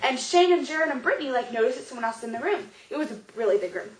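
Gushing young woman vlogger, high voice. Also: fast, a little hiss or hum. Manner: gushing, excitable, heavy use of "like". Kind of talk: casual storytelling vlog. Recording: roomy echo.

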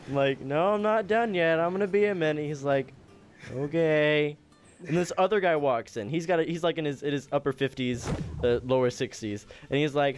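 A man's voice: a little high, measured pace, pauses often, soft background music. A young man chatting while gaming, telling a rambling story and breaking into giggles. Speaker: channel host and gamer. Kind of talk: casual gaming chat and storytelling.

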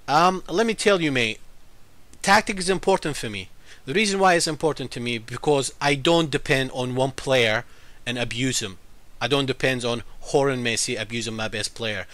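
A man's voice: medium pitch, bright, forceful tone, no echo. A man with an unusual mixed accent, talking casually to viewers as a gaming YouTuber and explaining things at length. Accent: unusual mixed accent that viewers comment on. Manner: talkative, explains at length, defends himself. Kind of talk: casual game commentary to viewers.

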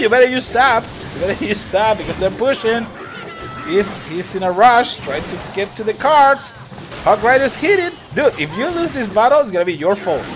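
A young Chilean man, Spanish his first language, streams and comments on a game with a high, swooping voice. He talks fast and casually, laughs a lot and says things twice. Game music plays clearly behind him. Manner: excitable, laughs often, repeats words. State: tired. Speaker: gaming streamer.

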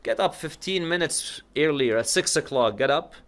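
A man giving a religious lecture to a congregation, moving from calm advice into a loud, rising lament. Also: fairly high pitch, normal speed. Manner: moves from calm teaching into loud, rising, tearful chanted lament. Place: lecture hall.

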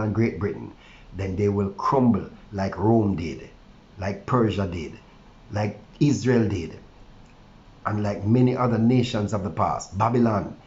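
A man's voice: lowish voice, darkish tone, lo-fi sound. A male pastor preaching a morning devotion with fervor, with a slightly stuffy nose and frequent hallelujahs. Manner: fervent preaching with repeated hallelujahs. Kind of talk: online morning devotion sermon.

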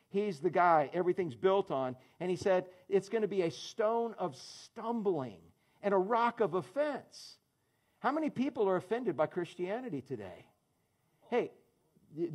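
A man preaching a sermon as pastor, conversational and joking, calling on people in the congregation by name. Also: high-pitched. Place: church in front of a congregation.

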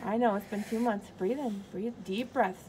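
A woman's voice: medium pitch, steady tone, normal speed, warm tone, a little hiss or hum. A woman vlogging at a hospital clinic, talking a child through a procedure in a soothing, repetitive way. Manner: soothing, coaching breaths, repeating herself. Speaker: parent vlogger. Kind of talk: vlog chat and soothing a child.

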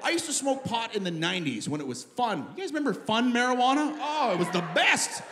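High-voiced man telling a stand-up story. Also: a little fast. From Canada. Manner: animated, bursts into shouting. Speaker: stand-up comedian. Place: comedy club stage. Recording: live stage recording with audience noise.

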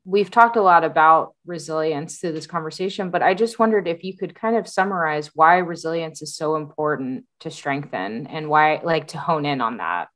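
A woman's voice: low voice, moderate pace, few pauses, fairly bright tone. A woman co-hosting an interview podcast, asking casual, reflective questions. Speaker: podcast co-host.

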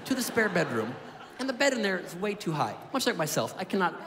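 A man in his thirties doing a stand-up comedy routine, telling a profane, animated story with acted-out dialogue. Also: high-pitched, quick pace. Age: 30s. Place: comedy club stage with audience. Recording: live club with long reverb, audience noise.

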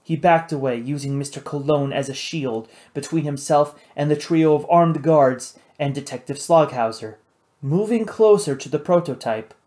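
A man reading an adventure novel aloud in steady, measured scripted narration. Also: fairly high pitch. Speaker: audiobook narrator.

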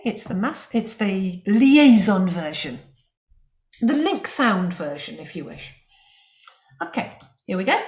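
A woman teaching French in an online lesson, explaining grammar with lively emphasis and spoken French examples. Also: medium pitch, reverberant.

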